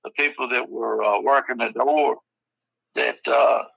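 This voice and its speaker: A man's voice: mid-range voice, fairly even intonation, measured pace, vocal fry, sharp tone, husky, no room sound, lo-fi sound. A man in a casual podcast chat, telling rambling stories full of swearing. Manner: profane, rambling storyteller. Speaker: podcast guest or co-host.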